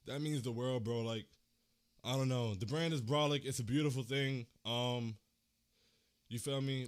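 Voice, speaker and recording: A man's voice: mid-range voice, fairly even intonation, normal speed, long pauses, smooth. A young man hosting a fan livestream, talking casually in slang and holding back tears, repeating himself as he thanks his viewers. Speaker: fan channel host.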